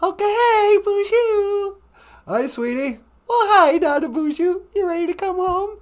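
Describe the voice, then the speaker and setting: A man voicing a shrill, high-voiced companion waiting at home, chirpy and eager, in a squeaky falsetto. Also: expressive, a little slow.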